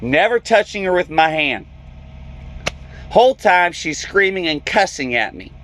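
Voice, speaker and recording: Slow-talking truck driver telling a story. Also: male voice, high voice, slight background noise. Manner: animated storyteller, acts out quoted voices. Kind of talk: storytelling vlog.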